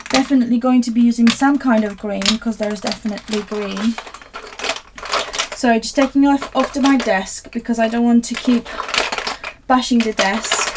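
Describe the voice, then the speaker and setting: A woman from Poland hosts a relaxed live crafting session from her desk at home. Her voice sits a little high and she talks to viewers in a rambling, self-mocking way as she works. A faint hum of background noise runs under her. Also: unhurried. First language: Polish. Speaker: craft video host. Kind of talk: casual live craft chat.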